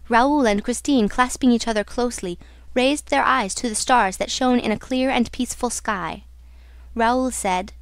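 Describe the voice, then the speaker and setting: A woman narrating a classic novel as an audiobook, with a measured, dramatic delivery. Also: a little high, clean tone, no echo. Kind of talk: scripted narration.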